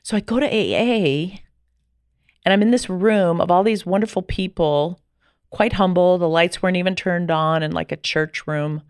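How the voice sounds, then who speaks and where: A middle-aged woman telling her personal story as a podcast guest, lively and acting out the dialogue she remembers. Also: on the low side, normal speed, smooth, no echo, clean studio sound. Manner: animated, acts out quoted dialogue.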